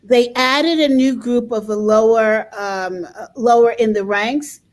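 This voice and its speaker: An older woman from the United States talks slowly in a reflective, conversational way. Her voice sits a little high, and she pauses and repeats words as she works through a thought. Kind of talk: conversational interview.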